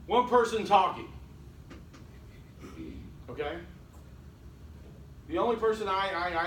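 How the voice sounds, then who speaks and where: A man's voice: on the high side, a bit bright, a little hiss or hum. A man teaching a college class, with wry, joking asides to his students. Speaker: college instructor. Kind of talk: classroom lecture. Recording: echoey classroom from far off.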